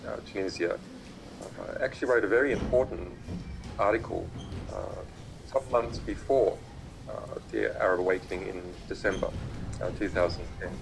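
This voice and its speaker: A man gives a talk from afar over a video call, his voice low and gravelly. He halts often, filling pauses with uh and um and restarting sentences. A faint hiss of background noise sits under him. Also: low-quality recording. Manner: halting, many uh and um fillers and restarts. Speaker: invited speaker on a video link. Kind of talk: remote public talk. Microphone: video call played through a laptop speaker.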